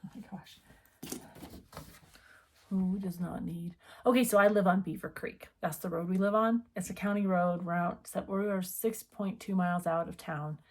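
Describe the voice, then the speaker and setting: A woman's voice: lowish voice, steady tone, moderate pace, darkish tone. A middle-aged woman from the United States who owns a needlework shop, chatting casually and rambling as she talks. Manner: chatty, rambling, self-interrupting. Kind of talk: casual chat.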